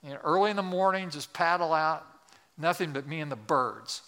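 A male pastor preaching a sermon in an earnest, exhorting way, slowing down to stress key words. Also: on the high side, pushed and bright. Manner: earnest, exhorting, slows for emphasis.

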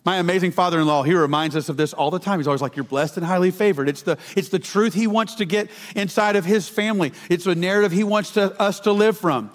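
Folksy pastor in a reverberant hall. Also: male voice, high voice, fast talker, hardly any pauses. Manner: folksy, humorous storytelling, addresses the congregation as y'all. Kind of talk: sermon with storytelling.

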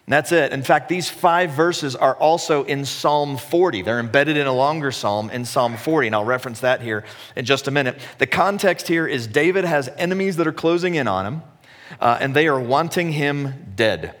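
A man's voice: mid-range voice, moderate pace, fairly bright tone. A man preaching a sermon as a pastor, in a conversational way with self-deprecating humor. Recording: echoey hall.

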